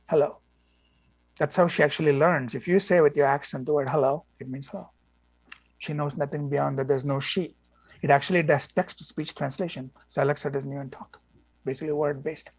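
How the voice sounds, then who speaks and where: A man's voice: a little high, gravelly, a little mellow, no echo. A man lecturing a class on machine learning, blunt and opinionated, with many fillers like "you know" and "okay".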